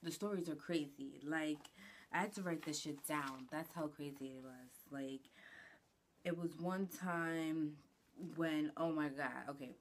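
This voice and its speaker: A woman's voice: sits low, a little slow, slight background noise. A woman vlogger telling a personal story in a casual, blunt, slangy way, swearing often. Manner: blunt, slangy, swears a lot, animated retelling.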